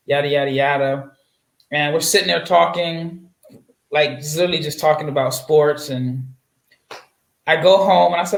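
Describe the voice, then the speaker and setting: A man's voice: a little high, normal speed, creaky, pauses often. A man from Nebraska, a guest draft analyst, telling a long story in casual interview chat with lots of fillers and restarts. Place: home setup, away from his usual mic. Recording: roomy echoey sound.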